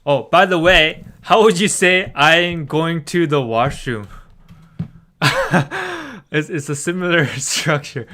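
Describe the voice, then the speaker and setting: A man's voice: on the high side, very animated, slow pace, pushed and bright. A young man from Canada, teaching Korean in a casual, chatty livestream and laughing often. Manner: chatty, laughs often, reads chat aloud.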